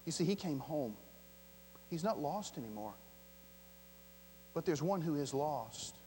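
Pastor guy with a high voice preaching, gets loud then goes quiet, long echo in a big church, bit of hum. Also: animated, unhurried. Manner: dramatic, swings between loud emphasis and soft hushed lines; acts out the voices of the story's characters. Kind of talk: sermon. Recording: long hall reverb with mains hum.

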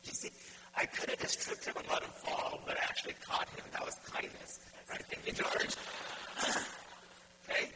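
A man preaching a sermon as pastor, putting direct, repeated questions to his congregation. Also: moderate pace. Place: church. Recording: loud background noise.

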